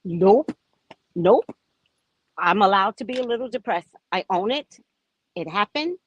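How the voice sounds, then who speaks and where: A woman vlogger tells her story in a casual, frank way, a little profane at times. Her pitch moves a lot as she talks, rising and dropping. The sound is close and dry, with no room echo. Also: moderate pace, dull audio. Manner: chatty, animated, frank and a bit profane. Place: at a resort.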